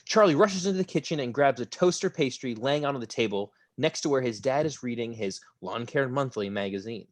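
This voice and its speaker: A man reads the stage directions of a script at a table read, animated in delivery. His pitch moves a lot, and the sound is dry and close. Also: fairly quick, few pauses, no room sound.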